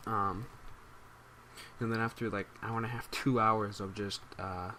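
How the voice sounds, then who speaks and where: A man's voice: fairly low pitch, fairly even intonation, a little slow, pushed and bright, slight background noise. A man telling a rambling, amused story as casual commentary for his gaming channel. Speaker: gaming YouTuber.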